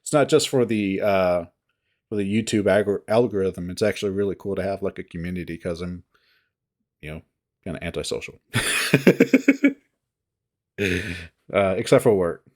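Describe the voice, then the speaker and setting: A man's voice: low-pitched, steady tone, normal speed, a little mellow. A man who reads visual novels, talking casually to his viewers in a rambling, hesitant, self-deprecating way. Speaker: visual novel reader and voice actor.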